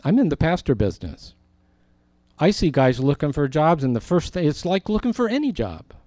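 Dry-sounding man preaching a lively sermon. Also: on the high side, normal speed, no echo. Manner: animated storytelling, acting out quoted voices. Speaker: pastor.

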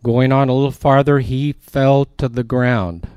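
A man's voice: medium pitch, fairly even intonation, a little slow, a little mellow, clear, resonant tone, dry recording, studio quality. A male pastor preaching a sermon in a conversational way, with emphatic asides as he reads and explains scripture.

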